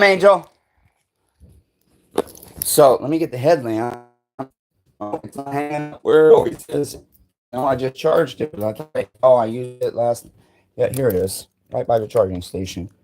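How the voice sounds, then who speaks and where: A man hosting a livestream from his home, ranting angrily and swearing constantly, swinging between heated outbursts and lower muttering as he moves between rooms. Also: slight background noise. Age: adult parent. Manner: profane, heated and complaining; rising to loud agitation, then muttering lower while walking around. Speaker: livestream host. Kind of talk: angry livestream rant.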